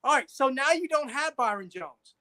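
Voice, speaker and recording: A man's voice: very high-pitched, expressive, normal speed, bright, forceful tone. A man co-hosting a casual sports talk show, insistent, repeating himself and checking agreement with "right?". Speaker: podcast co-host.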